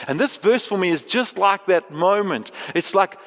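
A man preaching a sermon, earnest, moving between soft slow passages and raised emphatic ones. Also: high-pitched. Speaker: pastor. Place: church hall. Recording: long hall reverb.

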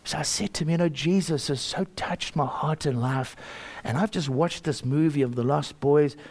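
An older South African man shares a personal testimony in a somewhat high voice. He tells it earnestly and with animation, stumbling over repeated words and breaking into chuckles as the story builds. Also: normal speed, darkish tone.

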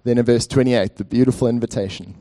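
A man's voice: medium pitch, fairly even intonation, quick pace, warm tone. A man preaching a sermon as pastor in a church, conversational and speaking directly to the congregation with frequent fillers.

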